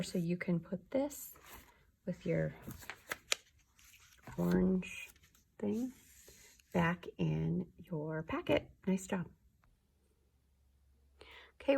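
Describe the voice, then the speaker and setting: Slow gravelly woman teacher. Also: fairly low pitch. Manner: slow, clear teacher talk with drawn-out words. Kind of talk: early reading lesson for young children.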